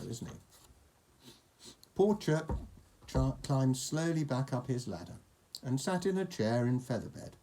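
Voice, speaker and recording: Mellow man reading a picture book aloud. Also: mid-range voice, a little hiss or hum. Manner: playful, chatty asides. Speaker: storyteller reading to a child.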